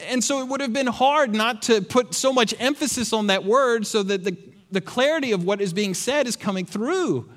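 A man's voice: very high voice, normal speed, fairly bright tone. A man preaching a sermon, with rhetorical questions and dry sarcastic asides. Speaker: pastor.

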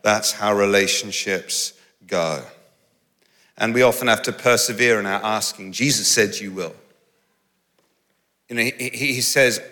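Male preacher, self-mocking and animated, bright voice, echoing hall. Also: on the low side, a little slow. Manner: animated, self-mocking, laughs through stories. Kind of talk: humorous sermon storytelling. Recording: large hall with long reverb.

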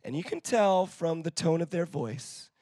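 A man's voice: on the high side, expressive, measured pace, a little mellow, no room sound, studio quality. A man preaching a sermon to a church congregation and leading call-and-response.

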